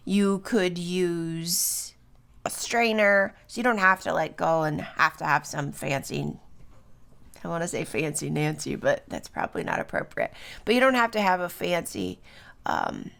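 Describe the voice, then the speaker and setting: Chatty woman with a gravelly voice. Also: lowish voice, fairly bright tone. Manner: chatty, loose, with many fillers and tag questions. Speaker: podcast host. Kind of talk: solo podcast talk on herbs. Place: home, early morning.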